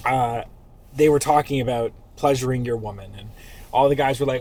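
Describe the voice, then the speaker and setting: A man's voice: medium pitch, fairly quick, dark tone. A man hosting a casual podcast chat, crude and joking, often laughing. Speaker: podcast host.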